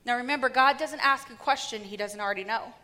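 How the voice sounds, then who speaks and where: A woman preacher delivering a sermon with lively, humorous storytelling. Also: on the high side, quick pace, long reverb tail.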